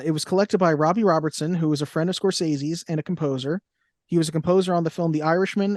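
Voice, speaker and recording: Young guy cohosting a movie podcast, kinda high voice, dry mic, rambles through cast lists. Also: a little mellow, no echo. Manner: chatty, reads reviews and cast lists aloud. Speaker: podcast co-host. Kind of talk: casual chat.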